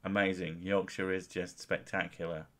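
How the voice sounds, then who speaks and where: Brief: male podcast host, very low voice, dry teasing banter. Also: little pitch movement, normal speed, a bit bright. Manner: dry, teasing, mock-exasperated. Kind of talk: casual chat.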